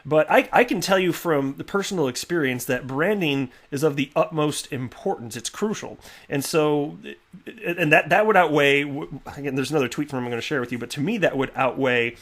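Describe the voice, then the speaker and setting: A man hosting a casual commentary video, chatty and animated with lots of fillers and restarts. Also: a little high, fairly quick. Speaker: crypto video host. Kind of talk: casual commentary reading tweets.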